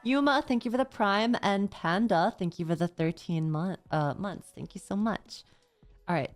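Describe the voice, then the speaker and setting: A woman's voice: on the low side, normal speed, soft background music. A woman streamer chatting casually and reading viewer confessions aloud, often stammering and swearing. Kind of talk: casual livestream chat, reading viewer messages.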